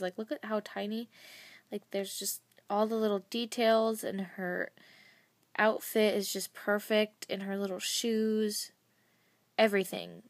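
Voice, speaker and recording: A woman's voice: mid-range voice, no echo. Gushing young woman, close and dry. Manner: gushing, excited, rambling. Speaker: vlogger. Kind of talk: casual unboxing chat.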